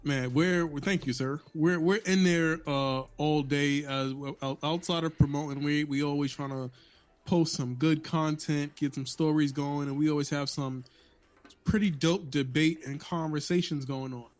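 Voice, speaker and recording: Profane, laughing New York man, slightly high. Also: fairly even intonation, moderate pace. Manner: loose, profane, laughing storyteller with many restarts. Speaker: podcast co-host. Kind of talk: casual podcast chat.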